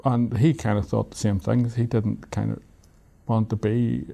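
An Irish man with a gravelly, mellow voice tells his own story in an interview. He sounds reflective and wry, and a laugh often slips into his words. His speech stays easy and unhurried, like someone thinking back as he goes. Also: on the low side, little pitch movement. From Ireland. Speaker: author and interview guest.

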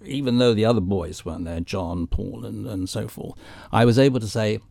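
A man's voice: on the low side, normal speed, creaky, a little mellow, no room sound. An older man telling theatrical anecdotes as a guest on a radio chat show. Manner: theatrical storyteller.

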